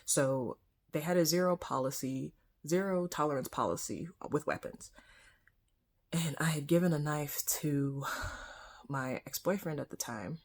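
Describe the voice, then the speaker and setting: Low husky-voiced woman telling a story. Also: a little slow. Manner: candid, conversational, frequent soft whispered asides. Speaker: vlogger. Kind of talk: personal storytime.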